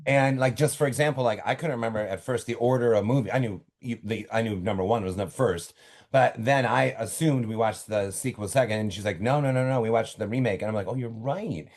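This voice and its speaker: A middle-aged man, an author, talking casually from his home office in an interview, telling stories in an animated way with quick asides and restarts. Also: on the low side. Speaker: author guest.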